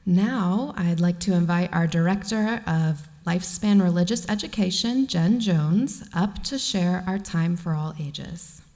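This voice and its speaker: A worship leader introducing the next speaker in a slow, formal way during a church service. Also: female voice, lowish voice, warm tone. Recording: distant voice in long hall reverb.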